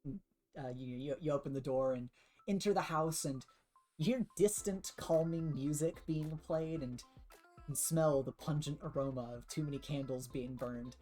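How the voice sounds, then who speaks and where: A woman narrating as game master of a tabletop game in a relaxed, chatty way. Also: low voice, moderate pace, soft background music. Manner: relaxed, chatty, laughs often.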